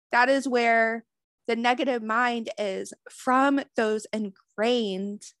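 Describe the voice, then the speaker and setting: A woman with a fairly high voice gives a unhurried spiritual talk, her words drawn out and loose. She swears freely and fills her sentences with "like". The sound is dry and close, with no room around it. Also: fairly bright tone, no echo. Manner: casual, profane, many "like" fillers.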